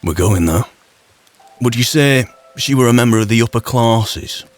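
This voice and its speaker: A man's voice: mid-range voice, expressive, normal speed, faint music behind, lightly acted. A man playing a blunt, teasing, suspicious frontier fisherman. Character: gruff cagey frontier man who fishes.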